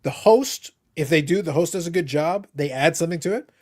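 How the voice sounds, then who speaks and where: A man from Canada hosting a casual podcast chat, animated and jokey, talking over the others. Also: on the high side, brisk. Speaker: podcast host.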